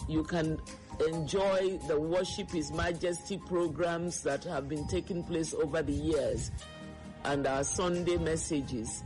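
A woman giving closing announcements for a radio program, slow and deliberate. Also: low voice, steady tone. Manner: slow, deliberate, spelling things out. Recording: music playing underneath.

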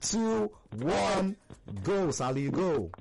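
A young man hosting a call-in radio show, energetic and slangy, hyping up callers. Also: high voice, takes it slowly, vocal fry, slight background noise. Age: young adult.

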